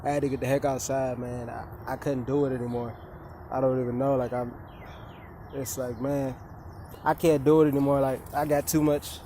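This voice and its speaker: A man's voice: mid-range voice, flat delivery, moderate pace, warm tone, a little hiss or hum. A young man ranting heatedly and profanely outdoors in a vlog, repeating himself as he vents. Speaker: vlogger and coach.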